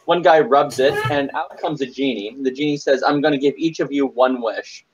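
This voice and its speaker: Halting joke-telling man, lo-fi. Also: mid-range voice, a little hiss or hum. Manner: halting, restarts, loose joke delivery. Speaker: podcast regular telling jokes. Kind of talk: casual group chat, telling jokes.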